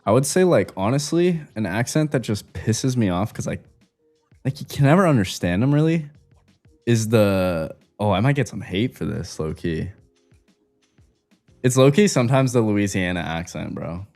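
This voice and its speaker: Casual co-host: young man from California, low-pitched, very lively, slangy. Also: normal speed, faint music behind. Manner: slangy, animated, says "bro" and "like" a lot. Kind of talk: casual chat.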